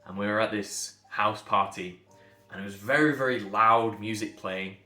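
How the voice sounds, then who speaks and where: A man from England, a speech coach, talking bluntly and emphatically to camera, sometimes building to loud outbursts. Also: on the low side, fairly even intonation, moderate pace, reverberant, faint music behind.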